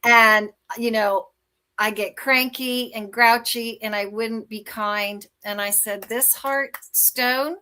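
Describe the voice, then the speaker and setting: A woman author and life coach, a guest on a talk show, telling personal stories in a lively way and acting out the dialogue. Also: medium pitch, slow. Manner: animated, acts out dialogue in anecdotes. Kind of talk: conversational storytelling.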